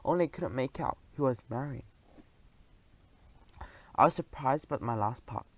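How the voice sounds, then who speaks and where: A man reading a children's audiobook aloud as a first-person narrator, in a lively, expressive telling. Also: mid-range voice, moderate pace, breathy edge, low-quality recording.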